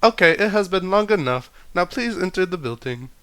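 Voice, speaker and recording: A man's voice: high voice, lively intonation, normal speed, sharp tone, smooth, dry recording, voice pushed up. A man voicing a chipper male robot greeter who talks in a stiff, polite, blunt way. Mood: deadpan polite. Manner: stiff, polite, rudely literal.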